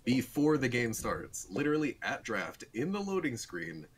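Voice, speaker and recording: A man's voice: mid-range voice, sing-song, moderate pace, husky. A young man, a guest pro player, explaining eagerly in a casual podcast chat and chuckling often.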